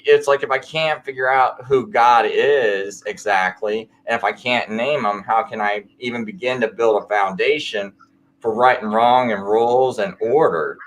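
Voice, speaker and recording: A man recounts his own story in an easygoing late-night conversation. His voice sits at an ordinary middle pitch, and his sentences wander, restart and lean heavily on filler words. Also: normal speed, fairly bright tone. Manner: rambling, filler-heavy storytelling.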